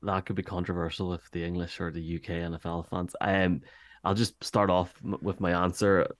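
A man's voice: low voice, little pitch movement, brisk, no room sound. An Irish man, a podcast guest, chatting enthusiastically in a rambling way with many restarts. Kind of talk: casual chat.

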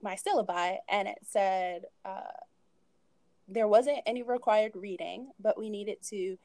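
A woman's voice: medium pitch, unhurried, warm tone, no echo. A woman in her thirties, a podcast guest, telling her own story in a candid, conversational way with frequent asides and laughter.

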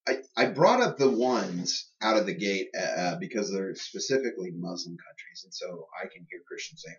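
A man's voice: lowish voice, sing-song, normal speed, few pauses. A man co-hosting a podcast, chatting casually and joking about faith and government. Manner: joking, puts on silly party voices. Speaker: podcast co-host. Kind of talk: casual chat. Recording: distant, muffled lo-fi sound.

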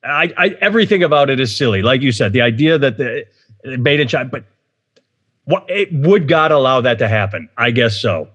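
A man's voice: mid-range voice, very animated, a little fast, fairly bright tone, slightly rough, muffled recording. Opinionated man rambling in casual chat. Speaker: podcast host.

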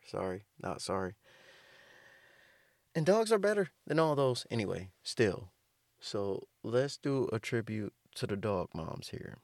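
A man's voice: lowish voice, gravelly, no room sound, studio quality. A man delivering a rambling, profane comedic rant, riffing loosely and restarting his sentences. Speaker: comedic host.

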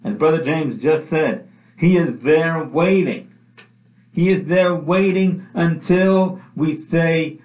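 A man preaching with slow, deliberate emphasis and a fairly high voice, repeating his phrases with rising passion. The sound is dull and lo-fi, with the echo of a roomy church hall. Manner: impassioned, repeats phrases, rises and falls. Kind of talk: sermon. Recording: echoey room, dull lo-fi sound.

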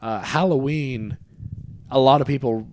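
A man co-hosting a podcast in casual chat, talking freely with fillers and getting animated when he makes a point. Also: medium pitch, a little slow, no echo. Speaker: podcast co-host.

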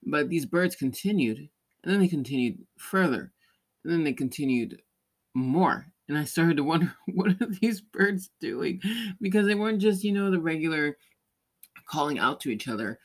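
A man's voice: a little high, expressive, normal speed. A man hosting a podcast, telling a rambling story in casual chat, with many restarts and light laughs. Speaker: podcast host; parent or caregiver.

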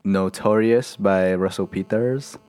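A man's voice: on the low side, slow pace, a little mellow. A man with a Malaysian English accent chatting casually as a guest, hesitant and slipping Malay words into his English. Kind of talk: casual chat.

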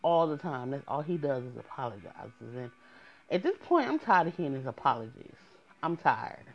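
A woman's voice: very deep voice, very animated, moderate pace, dull audio. A young woman telling her dating story frankly to her viewers, in an exasperated casual manner. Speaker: storyteller vlogger.

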